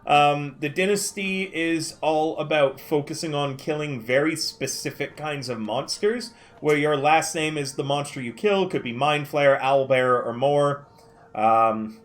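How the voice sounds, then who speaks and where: Game master guy explaining lore, chill, lots of ums, voice a bit high. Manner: relaxed, lots of ums and uhs.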